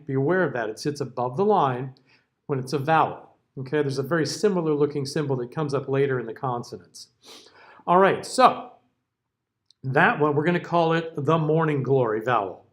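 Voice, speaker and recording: Guy teaching diction to singers, kinda high voice, keeps asking okay?. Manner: explanatory, checks in often with okay; sings example words out. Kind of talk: classroom lecture.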